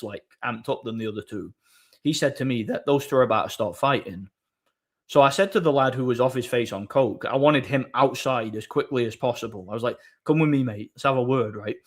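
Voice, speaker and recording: A man hosting a live stream, chatting casually and telling a story with many restarts and crude, blunt banter. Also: mid-range voice. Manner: rambling storyteller, frequent restarts.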